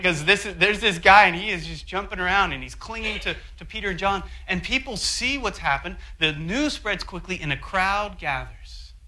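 A man preaching a sermon, telling a story with animated asides and acting out quotes. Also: high-pitched, low-quality recording. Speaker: pastor.

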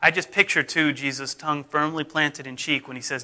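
A middle-aged man, a pastor, preaching in a conversational, self-deprecating way whose phrases often fade off softly. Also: on the high side, steady tone, moderate pace, few pauses. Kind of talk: sermon.

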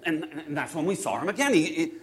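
A man playing Peter, a hot-tempered fisherman, telling his story in the first person with halting, repeated words, hushed one moment and loud and exasperated the next. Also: fairly high pitch, expressive, slightly rough. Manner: swings between hushed awe and loud exasperation. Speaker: actor in a first-person biblical monologue.

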